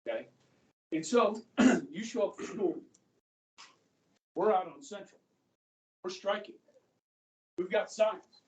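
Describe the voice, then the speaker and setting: A middle-aged man teaching a high school history class, chatting and joking, often checking in with his students. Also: expressive, slow, long pauses. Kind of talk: classroom lecture. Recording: echoey classroom, voice from far off.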